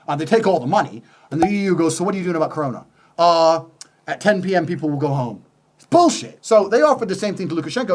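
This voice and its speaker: A high-voiced man rants fast and heatedly, swearing and piling on sarcasm. His pitch swings all over as he hammers his points home. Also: a little hiss or hum. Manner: heated, profane, emphatic, sarcastic. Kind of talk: conversational rant.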